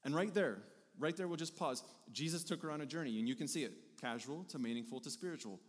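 A man's voice: fairly high pitch, fast. Man preaching in a reverberant hall. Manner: animated, conversational preaching with repeated phrases. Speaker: pastor. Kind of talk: sermon.

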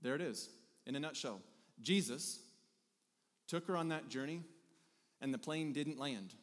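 A pastor delivering a conversational sermon, animated and repeating phrases for emphasis. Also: male voice, on the high side, unhurried. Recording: hall reverb.

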